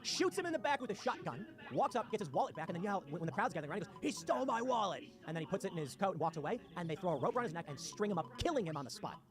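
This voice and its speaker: A man's voice: high-pitched, sing-song, rapid-fire, few pauses. A man giving sarcastic, combative commentary on a livestream, reading posts aloud and ranting. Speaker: political commentator. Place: home in West Virginia. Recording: music playing underneath. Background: music.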